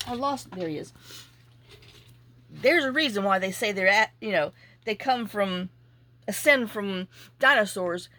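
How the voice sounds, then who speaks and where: A woman hosting a crafting vlog, chatting casually and telling a rambling, animated story with asides while she works. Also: medium pitch, a little slow, long pauses. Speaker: junk journaling channel host.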